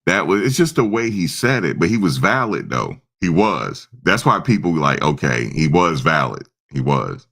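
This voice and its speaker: Male streamer, very deep and gravelly, casual, rambling chat. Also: big pitch swings, moderate pace, few pauses, a bit bright. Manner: rambling, chats with viewers' comments. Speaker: livestream host.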